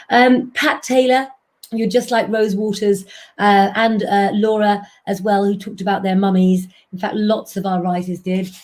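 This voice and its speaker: Chatty woman astrologer, mellow voice. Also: medium pitch. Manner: chatty, keeps addressing viewers as "guys". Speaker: astrologer and tarot reader hosting a live stream. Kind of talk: chatty live-stream talk with readings.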